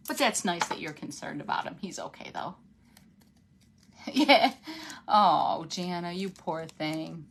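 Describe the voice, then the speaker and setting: A woman's voice: fairly low pitch, animated, slow pace, gravelly, pauses often, fairly bright tone, breathy edge. A woman with a runny nose, hosting a casual craft livestream, chatting with viewers as she works and laughing often.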